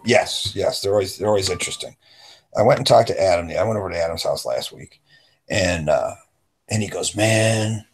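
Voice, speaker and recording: A man's voice: deep voice, normal speed, long pauses, breathy edge. A man co-hosting a casual podcast chat, telling a rambling story and acting out the voices of people he quotes. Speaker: podcast co-host.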